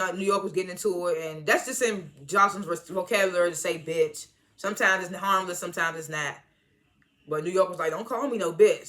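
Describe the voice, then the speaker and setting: A woman with a bright, forward voice talks through a reality episode in loose, slangy chat. She jumps into louder, excited retellings and laughs often between points. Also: lowish voice. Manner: animated, slangy, swings into loud excited retellings; frequent laughs and filler words. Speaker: TV show reviewer. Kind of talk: casual recap and commentary.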